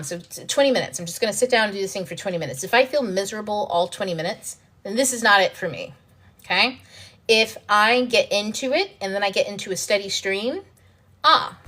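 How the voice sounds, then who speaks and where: A woman's voice: lowish voice, a bit bright. A woman who hosts and writes books, talking casually in a livestream and answering viewer questions, blunt and profane, laughing often. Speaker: author and self-development host.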